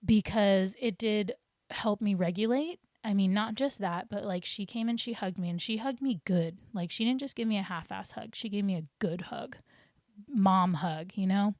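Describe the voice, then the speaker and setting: A young woman hosts a podcast and tells a personal story casually, rambling and restarting her sentences. Her voice is medium-pitched. The recording is dry and close. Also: moderate pace, a little mellow, no echo. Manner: rambling, chatty, many restarts and fillers. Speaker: podcast host.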